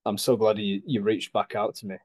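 A man's voice: fairly low pitch, flat delivery, fairly quick, darkish tone, no echo. A young man co-hosting a casual podcast chat, trading dry, teasing banter. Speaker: podcast co-host.

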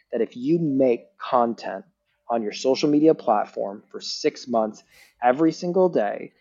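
Mellow-voiced man explaining with energy. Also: medium pitch, dull audio. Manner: animated teacher, frequent "like" and "right?". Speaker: guest neuroscientist. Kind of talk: casual explanatory podcast talk.

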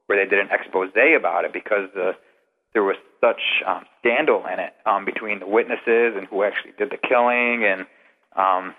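Low-voiced man on a tinny phone line. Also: in a large hall. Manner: rambling, detailed anecdotes. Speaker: paranormal investigator guest. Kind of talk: casual storytelling interview.

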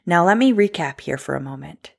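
A woman's voice: low-pitched, expressive, fairly quick, gravelly. A woman in her thirties, a traveling ultrasound tech, talking straight to her viewers in a personal vlog, impassioned and emphatic.

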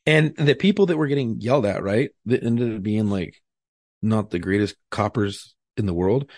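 A man with a husky voice, a former Marine and police officer, co-hosting a casual podcast and telling animated, profane stories. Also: lowish voice, moderate pace, no room sound.

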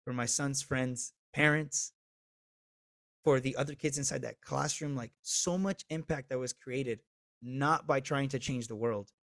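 A man in his thirties, a podcast guest telling a candid personal story with swearing, swinging between loud and hushed. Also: mid-range voice, steady tone, measured pace, no room sound.

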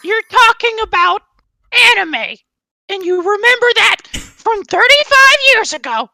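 A man's voice: extremely high pitch, expressive, unhurried, gravelly, pushed and bright, dry recording, pitched above the performer's own voice, exaggerated voice, rough recording. A man voicing an exasperated six-year-old grandson in an improvised comedy bit, scolding his forgetful grandfather.

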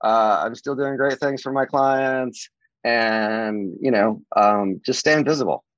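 A man's voice: takes it slowly, no echo. Man, casual interview guest, rambling, lots of "you know", dry slightly dull audio. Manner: rambling, many fillers, lively swings in pitch. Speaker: real estate agent guest.

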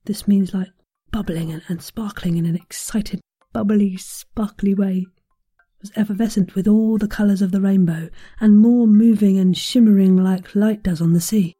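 A woman reading a children's bedtime story aloud, with gentle, chatty asides to the listener. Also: medium pitch, fairly even intonation, normal speed, husky.

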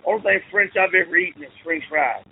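A man's voice: high-pitched, fast talker, gravelly, a little hiss or hum. A man, a football coach, telling rambling, self-correcting stories with frequent laughs, over a tinny, phone-like line. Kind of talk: casual storytelling.

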